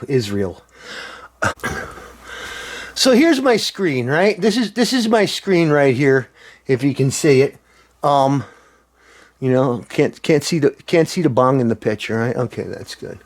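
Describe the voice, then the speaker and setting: Guy ranting on his vlog, pretty high voice, swears a lot, sarcastic, lots of ums. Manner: profane, sarcastic, rambling with many fillers. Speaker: vlogger. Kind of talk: casual rambling monologue.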